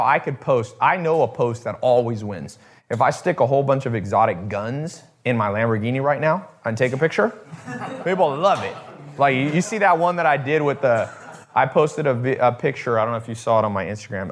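A man hosting a casual talk to his viewers, rambling with restarts and swearing, acting out the people he quotes. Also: mid-range voice. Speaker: host.

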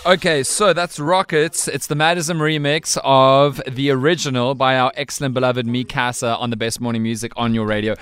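A man hosting a breakfast radio show, playful and quick, laughing often. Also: mid-range voice, little pitch movement, a bit bright, faint music behind. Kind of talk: lively morning radio chat. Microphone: studio mic.

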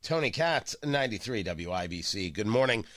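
A man hosting opinionated political talk radio, sarcastic and animated, often repeating and restarting his words, a little stuffy from a cold. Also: fairly low pitch, moderate pace, dry recording, studio quality. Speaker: radio talk show host.

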